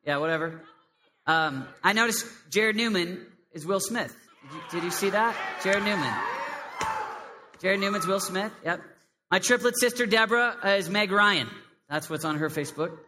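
A man preaching a lively sermon to a young congregation, with a high, squeaky voice, swinging between loud emphasis and hushed prayer. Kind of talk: live sermon to a youth congregation. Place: large hall with a live crowd. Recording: long hall reverb.

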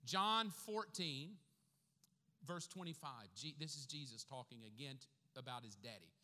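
A middle-aged man preaching a humorous sermon as a pastor, telling jokey stories with sudden loud bursts. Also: medium pitch, animated, normal speed. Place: large church hall. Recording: long hall reverb.

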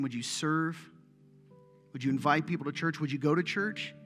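A middle-aged male pastor giving a casual, joking, animated sermon in a church. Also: a little high, a little fast. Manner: conversational, joking, animated preaching. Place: church sanctuary. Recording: echoey hall, soft guitar behind.

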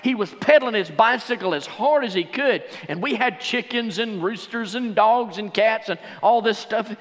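A man preaching a sermon as pastor, swinging between shouted fervor and hushed, intimate stretches. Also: high voice, moderate pace. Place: church sanctuary. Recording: long church reverb.

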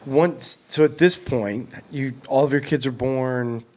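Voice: mid-range voice, steady tone, unhurried, darkish tone. A podcast host in a casual interview who gives short encouraging replies and asks follow-up questions.

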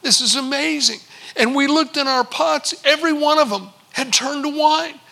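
A male pastor delivers a storytelling sermon, acting out snippets of dialogue as he goes. His voice sits very high and carries a gravelly rasp. The tone is bright and sharp. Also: normal speed. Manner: storytelling, acts out servants and a visitor in quotes.

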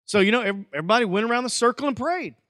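A male pastor delivers a sermon in a high, bright voice. He preaches in a lively, folksy way, acting out little quotes. The sound is close and dry, with no room echo. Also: racing.

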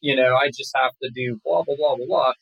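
Man, actor guest, casual rambling talk, husky voice, dry close recording. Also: medium pitch, a little fast, no room sound, dull audio. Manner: relaxed, rambling, many fillers and restarts.

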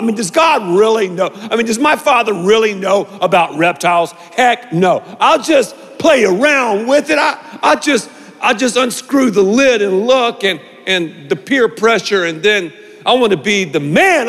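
Animated male pastor in a big hall. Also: high-pitched. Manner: animated, acts out voices in anecdotes. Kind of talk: storytelling sermon. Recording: long reverb of a large hall.

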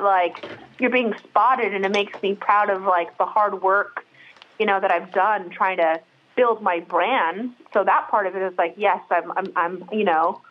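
A middle-aged brow artist appears as a guest on a podcast, chatting candidly and casually with lots of fillers and restarts. Her voice is mid-range, and the audio is dull.

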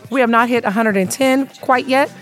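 A woman's voice: a little high, brisk, faint music behind. A woman hosting a casual radio talk show, upbeat and chatty, laughing often, her voice a little worn. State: slightly lost voice.

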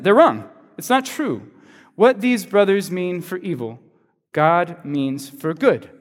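A male pastor preaching a sermon in a relaxed, conversational storytelling way, acting out bits of dialogue. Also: sits high. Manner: conversational storytelling, acts out quotes. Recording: long reverb in a large hall.

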